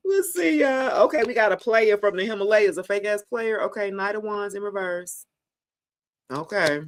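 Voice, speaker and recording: A woman's voice: medium pitch, lively intonation, unhurried, long pauses, a little hiss or hum. Woman doing tarot live, swears a lot and keeps laughing, says y'all, aave. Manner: casual, profane, laughing often, talks to viewers as y'all. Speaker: tarot reader.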